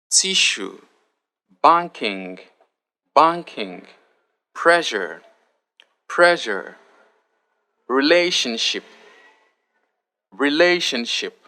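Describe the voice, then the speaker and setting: Slow, deliberate man reading spelling words. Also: mid-range voice, pushed and bright. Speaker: spelling word reader. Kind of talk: reading a word list aloud, each word twice.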